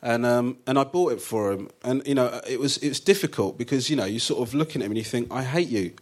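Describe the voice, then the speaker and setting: A man's voice: mid-range voice, fast talker. Man, comedian guest, chatty, self-mocking, laughs at own jokes, live theatre show. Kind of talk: comic storytelling on a live show. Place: theatre stage before a live audience.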